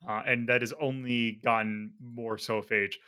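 A man's voice: mid-range voice, level tone, moderate pace, pushed and bright, clear, resonant tone. Rambling, casual male podcast host. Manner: rambling, many fillers and self-corrections.

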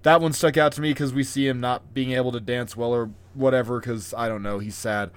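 A man co-hosting a podcast in casual chat, ranting with animated, profane energy. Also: medium pitch, fairly quick, smooth. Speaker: podcast co-host.

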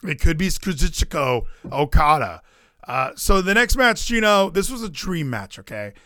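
A high-voiced man chatting on a podcast, his pitch bouncing all over as he rants. His tone is bright and sharp, and the mic sounds dry and close. He is sarcastic, and he shouts mock quotes to make a point. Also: sing-song, normal speed, dry recording. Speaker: podcast co-host. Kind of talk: casual wrestling chat.

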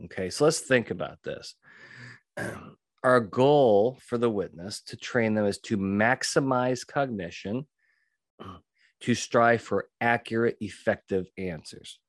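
A man hosting a solo podcast, talking emphatically, repeating key phrases and often clearing his throat. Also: lowish voice, slow pace, no echo, clean studio sound. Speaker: podcast host and witness trainer.

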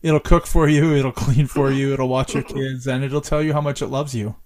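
A man's voice: mid-range voice, fairly even intonation, normal speed, a crowd in the background. A middle-aged man hosting a podcast, telling candid stories and swearing freely in casual chat. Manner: candid, profane storytelling. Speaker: podcast host.

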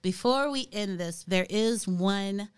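A woman's voice: mid-range voice, slow pace, clean tone. A middle-aged woman talking casually as a podcast co-host, chatty and hesitant, with many ums and restarts. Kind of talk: casual chat.

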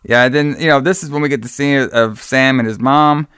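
Easygoing man with a smooth, resonant voice who rambles through a movie recap, full of fillers and swearing. The sound is dry and close. He speaks at a mid pitch. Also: a little fast, a bit bright, no room sound. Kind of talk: casual movie recap chat.

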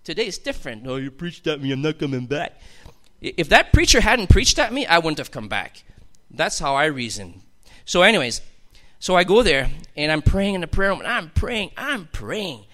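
A man's voice: high-pitched, big pitch swings, normal speed, bright, forceful tone. A man telling his personal testimony to a congregation in an emphatic, storytelling way that builds to fervent outbursts. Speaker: testimony speaker.

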